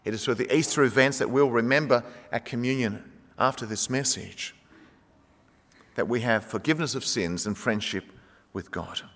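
Animated preacher in a reverberant hall. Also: male voice, mid-range voice, moderate pace. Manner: animated, acts out quoted speech. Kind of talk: sermon.

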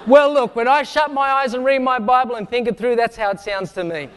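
Guy preaching a sermon, high voice, acts out the bible stories loud, long hall echo. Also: fairly quick, clear, resonant tone. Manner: dramatic, acts out Bible scenes with shouts; asks the congregation direct questions.

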